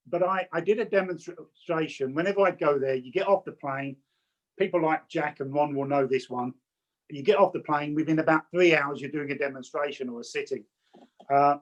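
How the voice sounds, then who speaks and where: A man's voice: medium pitch, dull audio. A man from England, a spiritualist medium, teaching a group over a video call with chatty anecdotes and frequent stammered restarts. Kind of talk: online teaching talk with anecdotes.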